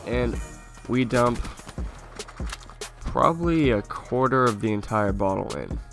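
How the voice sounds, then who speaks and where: A man's voice: medium pitch, slow pace, soft background music. A young man casually telling a funny story from his childhood to his viewers, often laughing and swearing a little as he talks. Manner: laughing through an animated anecdote, casual swearing. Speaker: YouTuber.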